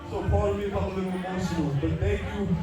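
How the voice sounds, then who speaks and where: A wrestler speaking to the crowd from the ring, heartfelt and slangy, rallying the audience. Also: male voice, high-pitched, steady tone, quick pace. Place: indoor brewery venue with live crowd. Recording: echoey venue mic from far off, loud crowd.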